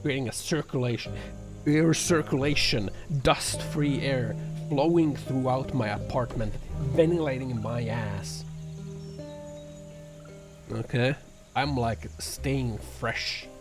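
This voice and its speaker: A man's voice: medium pitch, slow pace, long pauses. A man streaming from his apartment, chatting with viewers in a sarcastic, profane, rambling way full of fillers. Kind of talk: casual chat reacting to viewer comments. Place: home apartment. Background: background music.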